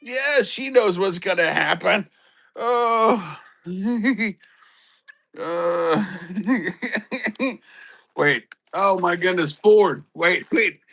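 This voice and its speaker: A man hosting a casual live stream with his dog, chatting with viewers by name and breaking into excited shouts. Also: high-pitched, vocal fry, poor audio. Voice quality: halting, many fillers and restarts. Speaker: livestream host with his dog.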